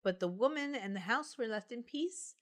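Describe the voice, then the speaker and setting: Reading folklore aloud in a casual chat with friends, this podcast host has a fairly high-pitched, animated voice and talks at normal speed. She jokes around playfully and laughs a lot.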